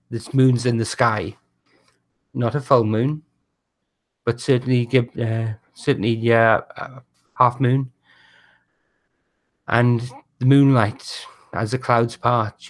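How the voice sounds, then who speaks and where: A man who narrates as game master, describing scenes in a halting way with many restarts. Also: medium pitch.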